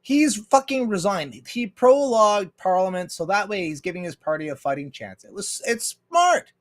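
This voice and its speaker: A man's voice: sits high, big pitch swings, moderate pace. A man hosting a livestream, ranting bluntly and profanely, and reading viewer messages aloud. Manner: reads viewer chat aloud. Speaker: livestream host. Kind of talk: casual ranting commentary.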